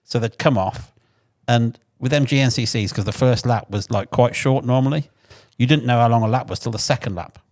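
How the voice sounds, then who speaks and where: An English man telling lively, swear-filled anecdotes from his mechanic days in a casual podcast chat. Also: medium pitch, brisk, few pauses. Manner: animated anecdotes, swears freely, acts out shouted quotes.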